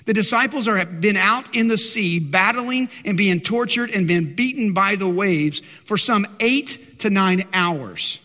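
A male pastor preaching a sermon, rising loud on his questions and dropping soft and low for his stories. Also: unhurried, hardly any pauses, in a large hall. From Texas, USA.

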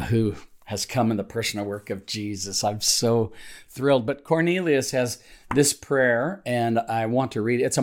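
A man, a pastor, giving a daily devotional, speaking haltingly with many fillers and reading a prayer slowly. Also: on the low side, vocal fry.

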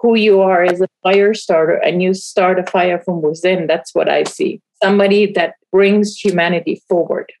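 A woman's voice: on the low side, steady tone, normal speed, gravelly, few pauses, darkish tone, low-quality recording. A woman hosting a podcast, introducing her guest and asking questions with enthusiasm. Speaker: podcast host.

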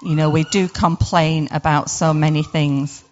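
A woman gives an informal devotional talk in a low voice, leaning on rhetorical questions and "sort of" fillers. The recording sounds dull and lo-fi. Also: fairly even intonation, measured pace, long reverb tail. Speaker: devotional speaker.

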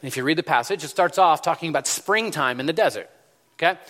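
A man's voice: fairly high pitch, animated, fast talker, a bit bright. A man preaching a sermon, telling a story in a loose, conversational way with many fillers. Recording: long hall reverb.

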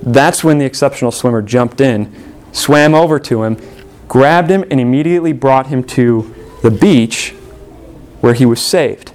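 A man preaching a sermon in an earnest way, repeating key phrases, with big rises and falls in pitch. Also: unhurried, darkish tone. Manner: earnest, repetitive preaching with sweeping pitch swings.

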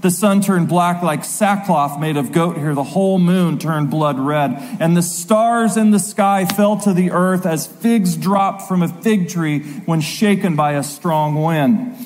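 High-voiced preacher in a reverberant hall. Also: male voice, darkish tone. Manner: dramatic reading with slow emphatic stresses. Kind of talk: sermon. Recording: long reverb of a large hall.

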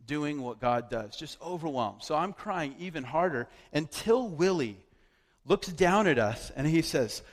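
A man's voice: a little high, expressive, unhurried. A man telling a personal story as a sermon, chatty, with lots of fillers and restarts. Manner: conversational, loose with fillers and restarts. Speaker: preacher. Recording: long hall reverb.

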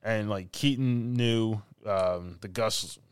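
Brief: male podcast co-host, lowish voice, dry close mic, animated recap with quoted bits. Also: takes it slowly, clean tone, dry recording. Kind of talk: casual chat.

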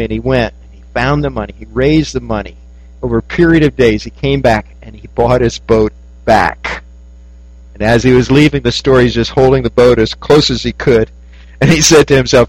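A man preaching a sermon, telling a story that rises high and then drops soft. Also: fairly even intonation, a little fast, dry recording, low-quality recording.

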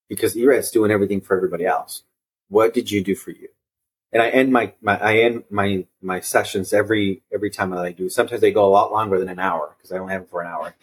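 Earnest husky-voiced man telling stories. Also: fairly low pitch, fairly even intonation, fast. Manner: earnest, repeats and restarts phrases, acts out quoted voices. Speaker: podcast guest. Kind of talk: reflective conversational storytelling.

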